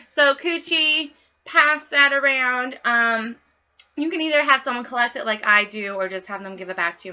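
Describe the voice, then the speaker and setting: A young woman giving a casual training demo for home parties, talking fast in a bubbly, bawdy way. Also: on the high side, bright, forceful tone, dull audio. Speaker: party consultant training others.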